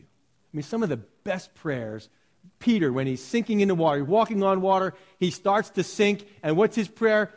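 Conversational middle-aged preacher. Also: male voice, high voice, moderate pace. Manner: conversational preaching with mock-pompous quoted prayers. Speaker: pastor. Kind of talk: sermon. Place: church hall.

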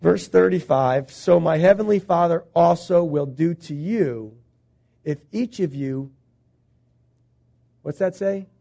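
A man's voice: fairly high pitch, slow pace, gravelly, pauses often, mellow. A male pastor preaching a conversational sermon, asking the congregation questions as he goes.

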